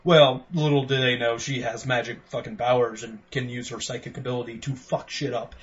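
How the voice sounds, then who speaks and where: A man co-hosting a podcast game review, ranting profanely and excitedly while acting out quotes. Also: medium pitch, fairly quick. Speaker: podcast co-host. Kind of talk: casual game review chat. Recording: dull lo-fi sound with faint noise.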